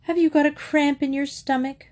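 A woman's voice: high voice, fairly even intonation, normal speed, darkish tone, pitched above the performer's own voice, natural voice. A woman reading aloud voices an anxious, overprotective mother who fusses over her son. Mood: fretful. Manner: fretful, overprotective, fussing. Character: anxious doting mother of young boys.

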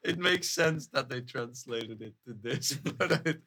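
A man's voice: mid-range voice, animated, a little slow, bright, forceful tone, breathy edge. A man guessing quiz answers in casual chat, thinking aloud and laughing a lot. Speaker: quiz guest.

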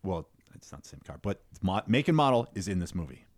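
A man's voice: low voice, big pitch swings, quick pace, no echo. A man co-hosting a casual movie podcast, giving brief, agreeable replies. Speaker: podcast co-host.

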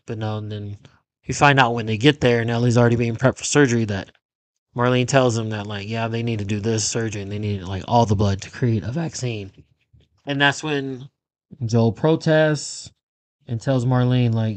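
A man's voice: mid-range voice, moderate pace, dry recording. A man hosting a podcast on his own, recapping a show in casual, rambling, profane talk. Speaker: podcast host.

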